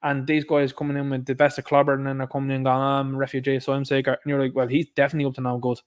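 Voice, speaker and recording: A man's voice: medium pitch, monotone, very fast, clean tone. A man hosting an online commentary show, ranting indignantly at the viewer in a repetitive way.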